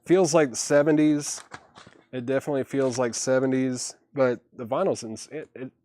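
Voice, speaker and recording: A man's voice: medium pitch, warm tone, a little hiss or hum. A man running a live online record sale, rattling off titles and prices and thinking aloud as he checks sleeves. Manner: brisk listing of items and prices, thinking aloud. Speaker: live-stream record auctioneer. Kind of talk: live sales stream patter.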